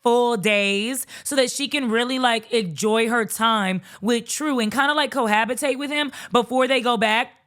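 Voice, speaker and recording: A woman's voice: a little high, moderate pace, few pauses, fairly bright tone. A woman giving a blunt, sassy, profane comedic recap of a reality show, acting out the people's lines. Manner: acts out characters' quotes.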